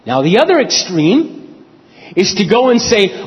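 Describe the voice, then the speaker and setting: A middle-aged man preaching a sermon, animated, acting out his own prayers and quotes. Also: high-pitched, a little slow. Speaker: pastor. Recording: dull lo-fi recording in a reverberant hall.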